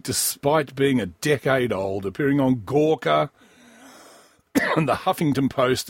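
A man's voice: medium pitch, creaky, husky, no room sound, clean studio sound. A man hosting a comedy podcast, riffing crudely and sardonically on a news story, wheezy and coughing often. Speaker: podcast host.

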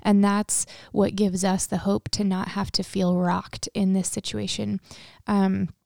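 Gravelly earnest woman co-host. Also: medium pitch, level tone, measured pace, a little mellow, no echo, clean studio sound. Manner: earnest, many fillers like "um" and "like". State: emotional, near tears. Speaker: podcast co-host. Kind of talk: casual faith discussion.

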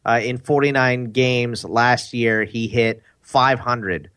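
A man co-hosting a casual sports chat, teasing and quick with banter. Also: medium pitch, fairly even intonation, a bit bright, smooth, no echo. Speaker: podcast co-host.

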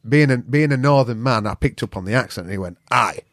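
A middle-aged man with a Yorkshire accent, a podcast guest who tells stories in a blunt, profane, animated way. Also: mid-range voice, quick pace, no room sound, studio quality. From England. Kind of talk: casual storytelling chat.

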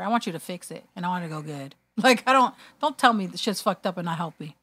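Lady talking frank and swearing, high bright voice, laughs a lot. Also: big pitch swings, fast talker, few pauses. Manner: candid, profane, laughs often while telling stories. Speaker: spiritual reader. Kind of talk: casual chat.

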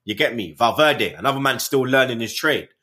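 A man hosting a casual football chat, animated and slangy, swearing freely. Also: mid-range voice, fairly quick. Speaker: host.

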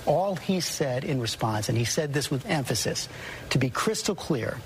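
A man reporting as a TV news anchor, measured and emphatic as he recounts an interview. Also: mid-range voice, expressive, a little hiss or hum.

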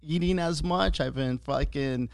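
A man's voice: fairly high pitch, measured pace, vocal fry, no echo, clean studio sound. A man hosting a podcast, talking loosely and profanely in rambling casual chat with plenty of fillers. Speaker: podcast host.

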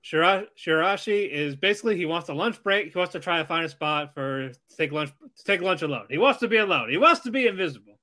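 A man in a relaxed chat about an anime, rambling loosely with easy chuckles. His voice sits a bit higher than most men's and sounds bright and sharp-edged. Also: fast talker, hardly any pauses. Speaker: podcast co-host. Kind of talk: casual anime recap chat.

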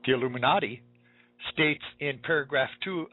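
A man's voice: medium pitch, moderate pace, no room sound, soft background music. A male radio host giving an urgent, preaching monologue, emphatic and repetitive, heard over a tinny, phone-like line.

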